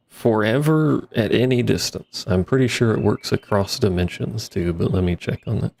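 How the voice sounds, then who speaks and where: A man's voice: lowish voice, normal speed, gravelly, few pauses, a little mellow. A man giving casual, rambling commentary while he plays a game, with wry asides to himself, into a desk microphone. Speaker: streamer playing a modded block-building game.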